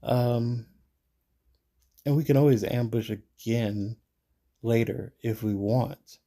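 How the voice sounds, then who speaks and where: A man reading an interactive fantasy gamebook aloud at a measured pace and thinking his choices through casually, recorded at home. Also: medium pitch, dark tone. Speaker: gamebook narrator and player.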